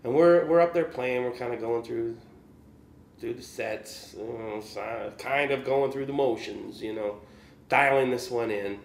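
A male musician tells stories with a casual, rambling delivery and often laughs along the way. His voice sits at a middle pitch. It's recorded in an echoey room. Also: measured pace. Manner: rambling, laughs often, lots of "you know". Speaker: musician guest. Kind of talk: casual storytelling. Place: room in Kansas City.

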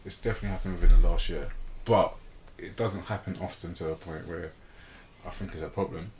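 A young man hosting a casual podcast, his voice on the low side. He talks candidly, circling back and repeating himself for emphasis, over a faint background hum. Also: steady tone, fairly quick. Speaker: podcast host. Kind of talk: casual chat.

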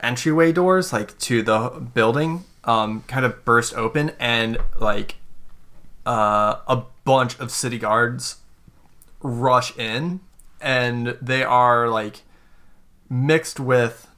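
Halting man running a tabletop game. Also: mid-range voice, bright, forceful tone. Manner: halting, with many fillers and restarts. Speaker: game master. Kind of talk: narrating a tabletop role-playing game.

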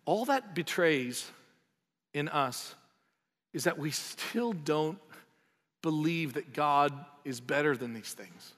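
Impassioned preacher in a reverberant hall. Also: male voice, a little high, expressive, slow pace, pauses often. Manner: impassioned, swells loud on emphatic lines then drops quiet. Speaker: pastor. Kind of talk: sermon.

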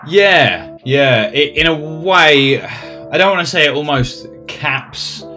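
A man hosting a podcast in casual chat, relaxed and thoughtful, often trailing off and restarting. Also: fairly high pitch, slow, faint music behind.

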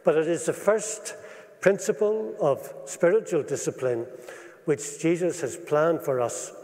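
A man preaching a sermon in an earnest, measured way, slowing down to stress the scripture he quotes. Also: a little high, lively intonation, darkish tone. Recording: long reverb of a large hall.

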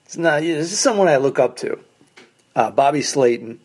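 A man tells stories from the road in his fairly high voice, working through them as a stand-up comic would. His delivery is animated, wry and profane, and he talks alone into the mic from a condo basement. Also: normal speed, breathy edge. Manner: animated, acts out quoted people in raised voices. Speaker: stand-up comedian, podcast host. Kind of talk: casual storytelling monologue.

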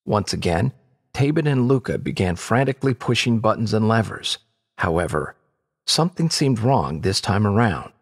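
Expressive husky male storyteller. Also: fairly low pitch, normal speed. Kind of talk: scripted story narration.

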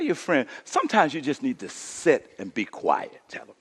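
A man preaching a sermon as pastor, calling the congregation to respond and dropping to a hush for emphasis. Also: mid-range voice, wildly swooping pitch, normal speed, husky. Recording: long reverb in a church hall.

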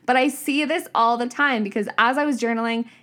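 A woman's voice: a little high, fairly quick. Candid woman musing on her podcast. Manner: candid and casual, frequent swearing and "like"; animated, shifting pace, upward bursts when quoting herself. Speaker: podcast host. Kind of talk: reflective solo podcast monologue.

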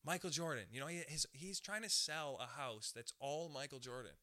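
A male comedian hosting a podcast, riffing in a profane, animated, brash way with a zippy tone. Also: fairly high pitch, moderate pace. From Canada. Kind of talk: casual rambling monologue.

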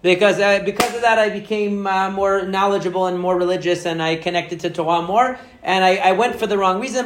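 A man teaching a Torah lesson, telling a story in an animated way with many fillers and restarts. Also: high voice, background noise.

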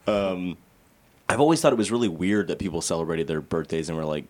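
A man's voice: deep voice, brisk. A young man from co-hosting a podcast, chatting casually, laughing often and poking fun at himself. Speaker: podcast co-host. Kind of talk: casual chat.

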